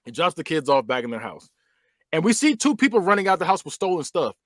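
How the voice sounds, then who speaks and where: A man's voice: fairly high pitch, very animated, fast, no room sound. A man hosting a podcast, casually reviewing a movie and retelling scenes with plenty of laughs and slang. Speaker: podcast host.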